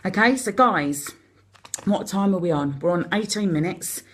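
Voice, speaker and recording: A woman with a Cockney accent hosting a live stream, chatting rapidly and encouragingly to her viewers. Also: lowish voice, animated, fairly bright tone. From London. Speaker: host of a live support video. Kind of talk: casual live-stream chat.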